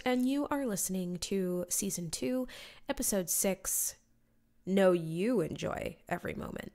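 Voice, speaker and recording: A woman's voice: medium pitch, moderate pace, darkish tone. A woman in her thirties hosting a solo podcast, sounding nasal from allergies, blunt and sarcastic with casual swearing. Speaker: podcast host.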